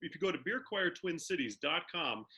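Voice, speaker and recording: Male host, playful video-call banter, very bright tone, slightly high voice. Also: lively intonation, fairly quick. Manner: upbeat, playful game-show banter. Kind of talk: casual video-call chat.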